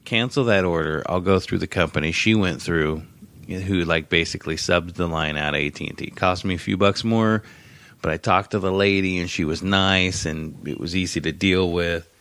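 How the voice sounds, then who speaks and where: A man with a very low, deep voice tells a rambling story in casual chat, swearing freely and joking at his own expense. The sound is close and dry, with no room around it. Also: fairly even intonation, normal speed, fairly bright tone, no echo. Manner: profane, rambling, wry. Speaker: podcast co-host.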